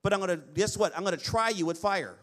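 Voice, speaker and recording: A male pastor preaching a lively sermon, often asking the congregation for an amen. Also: high voice, quick pace. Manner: lively preaching with call-and-response amens.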